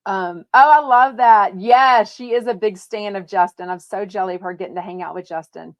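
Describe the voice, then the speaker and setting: A woman's voice: medium pitch, normal speed, dry recording, lo-fi sound. A woman from Texas, hosting a live podcast, chatting casually and reading out viewer comments in a bubbly, gushing way with lots of fillers. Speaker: podcast host.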